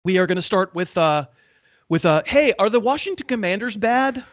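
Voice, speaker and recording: A man's voice: high voice, expressive, normal speed, no room sound. A man hosting a casual sports betting podcast, rambling with fillers and laughing often. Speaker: podcast host.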